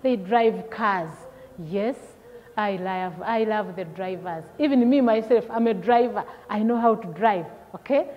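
A woman's voice: mid-range voice, a little slow. A woman teacher leading a vocabulary lesson for young children, repeating each word and asking questions. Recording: long hall echo, dull lo-fi sound.

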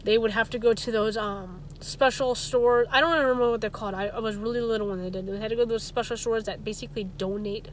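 A woman with a slightly high voice talks casually to her viewers in a loose, rambling vlog chat. She often trips over words and starts them again. She gets heated and indignant as she goes. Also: steady tone, fast talker, hardly any pauses, slight background noise. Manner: rambling, stumbles and restarts words. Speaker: vlogger.

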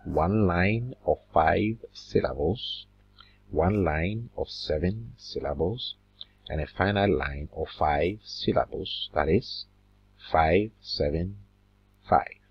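A man teaching a literature lesson, slow and deliberate, drawing out words as he counts syllables, with a husky voice. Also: deep voice. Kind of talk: recorded classroom lesson. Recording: dull lo-fi recording.

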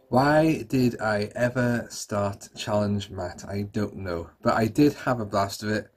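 A man's voice: fairly low pitch, unhurried, hardly any pauses. A man, hosting his channel and chatting casually and self-deprecatingly to camera as he looks back over his old videos. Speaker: YouTuber host. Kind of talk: casual retrospective chat to camera.

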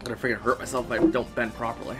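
Guy streaming games, mumbling to himself, kinda fed up, bit of quiet music behind. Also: medium pitch, level tone, very fast. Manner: mutters to himself, exasperated asides. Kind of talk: casual live-stream game commentary.

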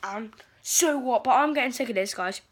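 A woman's voice: a little high, moderate pace. A teenage girl rambling through a sweary, exasperated vlog rant. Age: teens. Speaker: vlogger. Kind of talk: casual ranting vlog.

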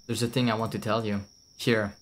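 A man's voice: fairly low pitch, flat delivery, brisk. A man, casually commentating a game while streaming, blunt, swearing and laughing often. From France. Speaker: VTuber streamer.

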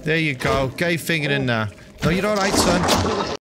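A man live-streaming a game, commenting in a crude, joking way with excitable outbursts. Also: fairly high pitch, moderate pace, heavy background noise.

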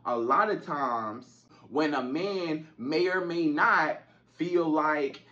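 A man speaks as a relationship coach, talking straight to women in an informal, rambling way, always circling back with "you know". His voice sits a little high for a man. The recording sounds muffled and lo-fi. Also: slow, sharp tone. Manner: informal, repetitive, addresses women directly with frequent "you know". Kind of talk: direct-to-camera advice talk.

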